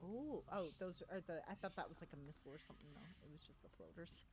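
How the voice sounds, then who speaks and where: A woman giving chatty let's play commentary, thinking aloud with excitable little exclamations. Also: fairly low pitch, fast, over music. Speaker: gaming streamer.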